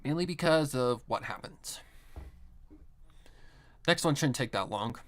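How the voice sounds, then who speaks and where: A man rambling through casual stream chat while he works, peppering his talk with filler words and swearing freely. His voice sits at an everyday middle pitch, and his manner is loose and unscripted. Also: animated, a little slow.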